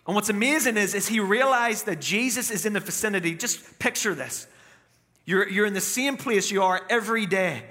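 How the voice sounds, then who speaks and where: A man's voice: high voice, moderate pace, sharp tone. A man with an Irish accent, preaching a sermon and telling a humorous, self-mocking story in a large church auditorium. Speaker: pastor. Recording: reverberant auditorium.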